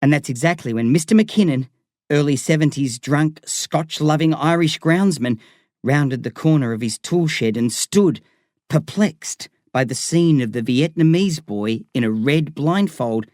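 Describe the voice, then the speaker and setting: A man's voice: a little high, a little slow, darkish tone, dry recording. Man narrating an audiobook, dry close sound. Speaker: audiobook reader. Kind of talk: scripted narration.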